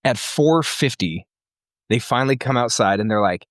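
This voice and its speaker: A man's voice: medium pitch, animated, normal speed, no room sound, clean studio sound. A man co-hosting a casual comedy podcast, telling an exasperated story with plenty of swearing. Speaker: podcast co-host.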